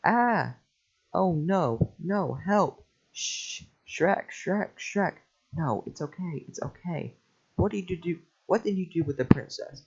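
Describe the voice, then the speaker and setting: A man's voice: mid-range voice, lively intonation, normal speed. Man reading as a chatty talking donkey. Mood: panicked. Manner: jittery, chatty, yelps in panic. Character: fast-talking excitable male talking donkey. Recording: lo-fi home mic.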